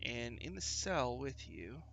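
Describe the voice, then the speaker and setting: A man running a tabletop game as game master, narrating in a loose, halting way with many fillers. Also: mid-range voice, sing-song, gravelly, noisy background.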